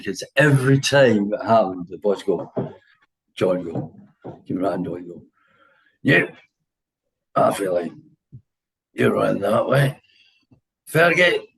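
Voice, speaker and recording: A man's voice: low-pitched, low-quality recording. A man in his sixties with an English accent, a former footballer telling dressing-room stories in a casual interview, full of laughs and quoted voices.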